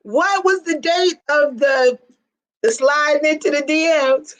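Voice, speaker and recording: A woman hosting a casual interview, playful and quick to laugh. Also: high voice, poor audio. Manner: lively and playful, laughs often. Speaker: host.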